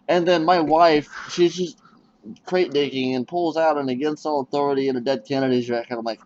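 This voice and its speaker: A man's voice: on the high side, a little fast. A man interviewing a musician in a casual chat, telling stories and acting out what people said. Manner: animated storyteller, acts out quotes. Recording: muffled lo-fi with faint noise.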